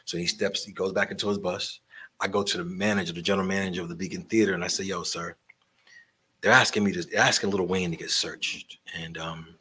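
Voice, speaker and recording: A man telling animated stories about promoting shows, swearing freely and acting out the voices of the people in them. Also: deep voice, breathy edge. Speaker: guest storyteller, concert promoter and barber. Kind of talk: casual storytelling interview.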